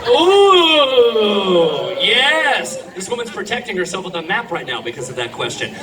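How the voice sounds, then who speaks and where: A man's voice: sits high, very animated, unhurried, noisy background. A man hosting a live comedic game show, a brash, showy announcer working the crowd. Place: outdoor theme park street show. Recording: distant echoey outdoor live recording, loud music and crowd.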